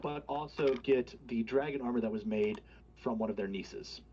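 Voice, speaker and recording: A man narrating as game master, halting with fillers and restarts. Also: mid-range voice, dark tone, slight background noise. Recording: dull lo-fi home mic.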